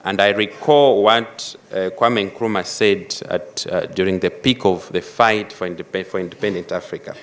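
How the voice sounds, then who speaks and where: A man giving a formal prepared speech at a conference, measured and emphatic, repeating key phrases. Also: low voice, fairly even intonation. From Malawi. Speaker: conference speaker. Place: conference hall.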